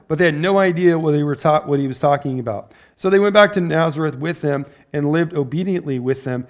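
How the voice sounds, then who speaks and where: A man with a fairly high voice preaches in a loose, conversational way. He keeps asking his listeners questions and breaks into laughter as he makes his points. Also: brisk, few pauses. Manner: conversational, asks the audience questions and laughs often. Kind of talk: sermon.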